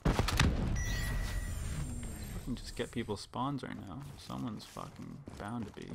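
A man's voice: lowish voice, wildly swooping pitch, unhurried, creaky, heavy background noise. A man giving frustrated gameplay commentary, raging and swearing through his outbursts. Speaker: gamer. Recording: loud game gunfire over voice. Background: game gunfire and announcer.

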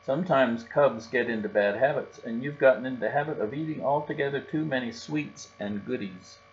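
A man's voice: medium pitch, fairly quick, natural voice. A man reading a storybook aloud and voicing a firm, no-nonsense mother bear. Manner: firm, matter-of-fact. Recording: dull recording with faint hum.

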